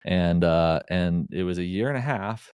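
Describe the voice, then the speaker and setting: Man, low voice, podcast guest, animated storytelling, dry close mic. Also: normal speed, clean tone, no room sound. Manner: animated anecdote-telling with frequent restarts. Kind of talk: casual storytelling.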